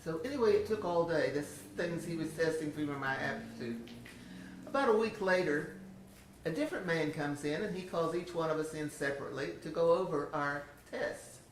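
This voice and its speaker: A woman's voice: sits low, expressive, normal speed, a little hiss or hum. Older woman telling a homey church testimony. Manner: homey, chatty, laughs often. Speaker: church speaker giving a testimony. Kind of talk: personal testimony storytelling. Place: church sanctuary. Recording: roomy, distant church sound.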